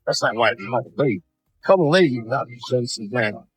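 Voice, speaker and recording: A man's voice: mid-range voice, lively intonation, moderate pace. A man in his fifties doing a stand-up routine, rambling through self-deprecating asides with frequent restarts. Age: 50s. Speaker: stand-up comedian.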